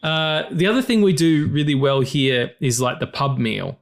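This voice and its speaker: A man's voice: on the high side, moderate pace. An Australian man hosting a podcast, in a casual, jokey, swearing chat. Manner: animated, swearing, jokey storytelling. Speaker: podcast host.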